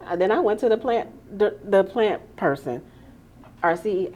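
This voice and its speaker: A woman hosting a podcast, chatting casually and telling animated stories, acting out the voices of the people she quotes. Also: medium pitch, moderate pace, slight background noise. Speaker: podcast host. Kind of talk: casual chat.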